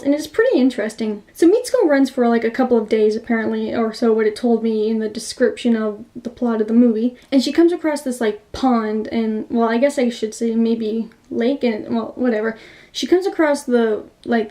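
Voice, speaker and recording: Young woman with a mellow tone, gushing as she recaps a movie plot. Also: on the high side. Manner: gushing, filler-heavy storytelling. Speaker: movie reviewer.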